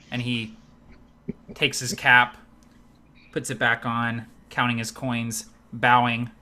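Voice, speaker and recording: A man narrating a tabletop game as game master, relaxed and full of filler words. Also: mid-range voice, takes it slowly, pauses often.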